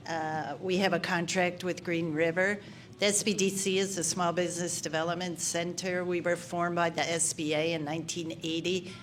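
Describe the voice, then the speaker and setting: Flat-voiced businesslike woman. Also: fairly low pitch, a little hiss or hum. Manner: matter-of-fact, businesslike, with filler "uh". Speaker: small business advisor, panelist. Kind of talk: self-introduction at a panel. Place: meeting room at a luncheon.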